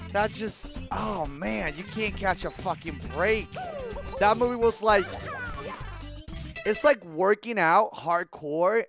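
A man's voice: sits high, vocal fry. A man in his thirties chatting casually on a livestream while gaming, rambling, swearing often and breaking into laughter. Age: 30s. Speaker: streamer.

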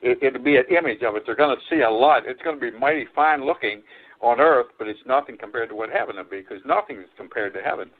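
Man, pastor, preaching a sermon, conversational, repeats phrases, middle pitch, tinny phone-like audio. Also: lively intonation, fast talker. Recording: phone-like narrow-band stream audio.

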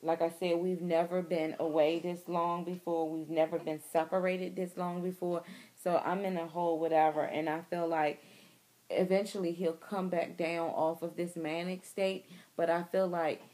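A woman's voice: lowish voice, flat delivery, normal speed, mellow. A young woman, talking candidly and emotionally to her viewers in a personal video diary, recorded outdoors. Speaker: vlogger.

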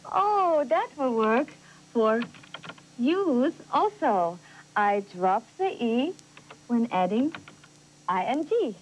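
A curious adult learner. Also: female voice, on the high side, sing-song, slow, pauses often, a little hiss or hum, rough recording. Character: earnest adult woman learning spelling at work. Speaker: student learning spelling. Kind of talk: scripted educational TV acting.

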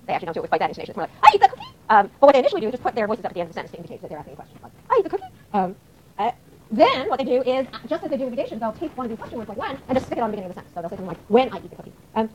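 A woman lecturing a class at a rapid clip, her voice rising and falling in lively swings. She speaks a little higher than most women and fills her pauses with quick "um"s. The recording carries a faint hum of room ambience behind her. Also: rough recording. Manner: fast, animated explaining with frequent fillers. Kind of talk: university lecture. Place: lecture hall.

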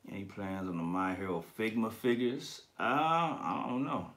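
A man's voice: on the low side, normal speed, fairly bright tone. A man hosting a collectibles channel, chatting casually on a livestream and reading viewer comments. His talk is slangy and profane, and he laughs often.

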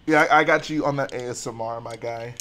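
A man's voice: mid-range voice, fairly even intonation, brisk, pushed and bright, slight background noise. A young man from Texas hosting a casual livestream, trading laid-back jokes with his chat. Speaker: livestream host.

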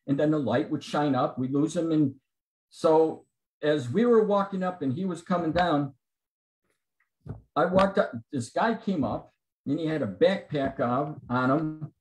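On a video call with a men's Bible study group, a guest shares his personal testimony, acting out what the people in his story said. His voice is on the high side, unhurried, and a little mellow. The computer mic makes it reverberant and poor quality.

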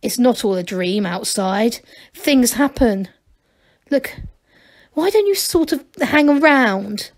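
An earnest young gnome lad from a storybook, voiced by a woman reading aloud speaks in an eager, pleading way. His voice sits a little high and lifts as he urges a friend on. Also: lively intonation, slow pace.

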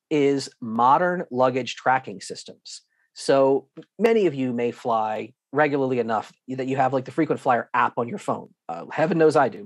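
A man's voice: mid-range voice, no room sound, studio quality. Emphatic man teaching practical travel tips. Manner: lively storytelling, acting out airline staff in quoted voices. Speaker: guest instructor. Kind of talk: online presentation with slides.

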